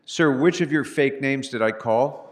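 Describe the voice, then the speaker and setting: A man's voice: medium pitch, measured pace. A man chairing a city council meeting from the dais, curt and firm, handing out dry rebukes. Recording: reverberant council chamber.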